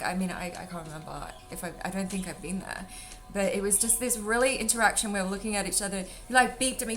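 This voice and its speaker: Quick and pushed, with a bright, mid-range tone, a woman does a casual tarot reading for viewers, rambling and addressing them fondly as sweetheart and darling. Faint drum music runs underneath.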